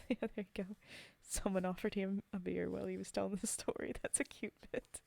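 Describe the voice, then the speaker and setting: A woman's voice: mid-range voice, flat delivery, brisk, gravelly, few pauses, darkish tone, dry recording. A woman streamer chatting casually between poem readings, giggling and filling gaps with ums. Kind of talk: casual chat between poems.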